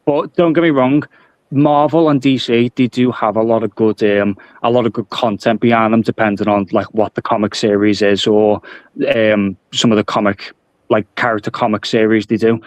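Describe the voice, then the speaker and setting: Play a relaxed young man with a thick Scouse accent, chatting as a new guest. Keep it friendly and self-deprecating, with plenty of "um" and "like", recorded close and dry with no room sound. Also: on the low side, normal speed, no room sound. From Liverpool, England. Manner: easygoing, self-deprecating, laughs often, lots of fillers. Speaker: guest joining the stream. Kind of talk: casual chat.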